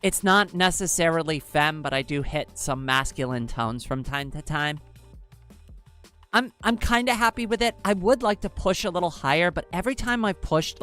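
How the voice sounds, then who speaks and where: A woman's voice: on the low side, fairly bright tone, smooth. A young woman with an androgynous-sounding voice, chatting casually with her livestream viewers and rambling with lots of fillers. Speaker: livestream host. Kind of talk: casual livestream chat, answering chat.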